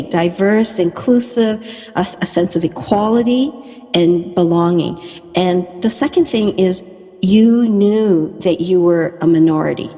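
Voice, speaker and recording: A woman hosts a podcast and affirms her guest, reflecting on and summarizing what was said. Her tone is mellow and dark, with a long reverb on the recording. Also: medium pitch. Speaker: podcast host. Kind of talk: conversational podcast interview.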